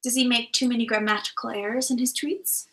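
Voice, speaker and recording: Playful high-voiced woman hosting. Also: fairly even intonation, fairly quick, fairly bright tone, rough recording. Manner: playful, teasing questions. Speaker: livestream host. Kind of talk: casual livestream chat.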